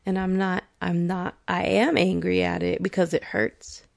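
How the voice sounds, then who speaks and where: A woman's voice: fairly low pitch, flat delivery, gravelly. A woman in her forties hosting a podcast, speaking in an earnest, candid confessional monologue that is frank and sometimes profane, with bursts of laughter. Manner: earnest, candid, slow and deliberate. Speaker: podcast host.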